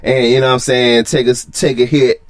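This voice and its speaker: A man's voice: medium pitch, a little fast. A man co-hosting a podcast, teasing and pushing his partner along in profane, heated sports talk. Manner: teasing, profane, pushy and animated. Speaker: podcast co-host.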